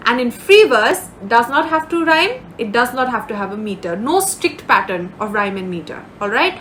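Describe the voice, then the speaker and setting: A woman gives a patient exam-prep lecture on literature in a bright, fairly high voice. She repeats each point, keeps checking in with her students, and slows down on key words to show their stresses. A faint hum of room noise sits under her voice. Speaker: teacher.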